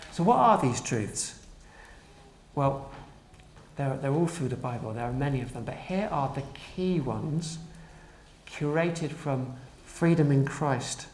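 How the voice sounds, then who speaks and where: A preacher delivering a sermon in an earnest, emphatic way, slowing down to stress key declarations. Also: mid-range voice, a little mellow, roomy sound, slight background noise.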